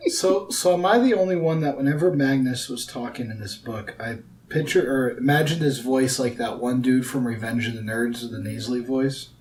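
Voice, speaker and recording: A man's voice: medium pitch, moderate pace, few pauses, darkish tone, a little hiss or hum, poor audio. A man on a podcast, trading wisecracks in casual chat. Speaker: podcast guest.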